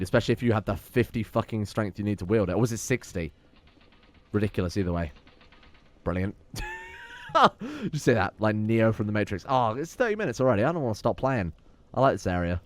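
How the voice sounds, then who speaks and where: A man's voice: on the low side, dry recording. A man giving sweary, sarcastic let's play commentary while playing a game. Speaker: gameplay commentator.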